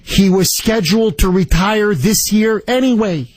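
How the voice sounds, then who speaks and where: A man's voice: sits high, unhurried. A man hosting a political talk radio show, delivering an indignant, emphatic monologue full of repetition.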